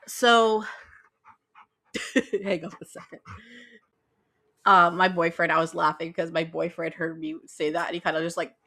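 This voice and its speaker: A woman's voice: fairly low pitch, sharp tone. A young woman hosting a casual podcast, rambling with lots of fillers and giggles. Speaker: podcast host.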